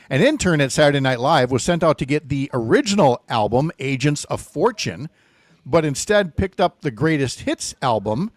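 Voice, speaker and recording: A man's voice: a little high, no room sound. A middle-aged man hosting a morning radio show in a casual, joking way, with wry asides. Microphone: studio microphone.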